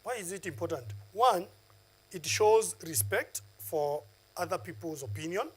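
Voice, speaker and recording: A man's voice: sits high, animated, measured pace, husky, poor audio. A man teaching a lesson on a TV channel, lecturing and counting off numbered points with filler uhs. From Kenya.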